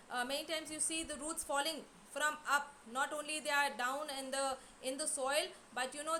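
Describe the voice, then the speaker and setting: A middle-aged woman teacher, explaining a poem to her class slowly, with many fillers and repeated words. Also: sits high, sharp tone, a little hiss or hum. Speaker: English teacher.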